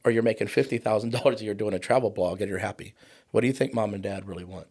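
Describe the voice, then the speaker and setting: A man in his forties, a podcast guest talking about trauma in an impassioned, preachy way, slowing down for emphasis. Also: fairly low pitch, fairly even intonation, a little mellow. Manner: fired-up, preachy, slows down for emphasis. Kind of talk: impassioned conversational podcast talk.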